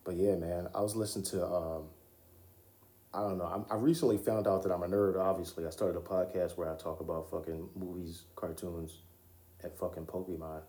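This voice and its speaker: A young man rambles through his solo podcast in a low voice, casual and profane. He laughs easily as he talks. The room around him rings with echo. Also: fairly even intonation, brisk, dark tone. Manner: loose, profane, laughs often. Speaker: podcast host. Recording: roomy echo.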